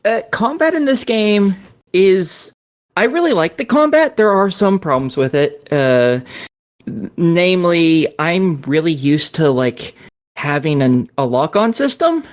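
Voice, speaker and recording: A woman's voice: on the low side, lively intonation, measured pace. A woman on a podcast panel, talking casually about a game in a blunt, sardonic way and swearing freely. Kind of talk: casual gaming chat.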